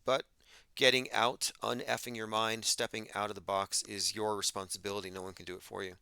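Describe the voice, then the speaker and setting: Forceful low-voiced man, dry sound. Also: little pitch movement, brisk, creaky, clear, resonant tone, no room sound. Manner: emphatic, argumentative monologue. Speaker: podcast host. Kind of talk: livestream commentary reading chat.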